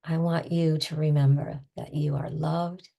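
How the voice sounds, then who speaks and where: A woman stress coach leading a guided tapping session, soft-spoken and soothing, calling out tapping points between gentle affirmations. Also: low-pitched, unhurried. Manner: soft-spoken, calm and soothing, breathy sighs.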